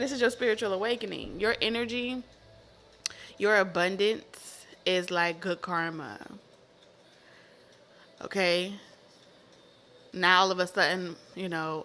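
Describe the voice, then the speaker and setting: A woman giving a casual tarot reading to camera, animated and profane, repeating herself with laughing asides. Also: lowish voice, a little slow, long pauses, slight background noise. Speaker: tarot reader.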